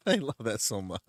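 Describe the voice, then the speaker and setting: A man's voice: mid-range voice, dry recording. A man hosting his channel in casual chat, rambling, laughing often and restarting sentences. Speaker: channel host.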